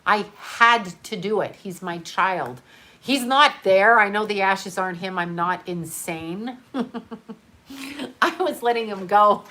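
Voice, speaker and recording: A middle-aged woman hosting a livestream, talking in a halting, emotional way with many fillers and restarts, grieving and swearing casually as she reads viewer comments. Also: medium pitch, bright, forceful tone. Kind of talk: unscripted livestream talk.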